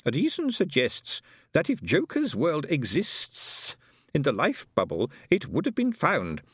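A man voicing a curious, thoughtful male alien scholar who speaks slowly and carefully. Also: a little high, wildly swooping pitch, husky, dry recording, studio quality, voice pushed up, full character voice. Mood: inquiring. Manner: slow, lifted and careful.

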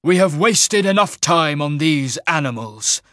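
A man's voice: a little high, animated, bright, forceful tone, dry recording, studio quality, voice pushed up. Man voicing an ancient, haughty immortal general. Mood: contemptuous. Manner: haughty, slow and lofty. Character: ancient arrogant immortal male general, disdainful.

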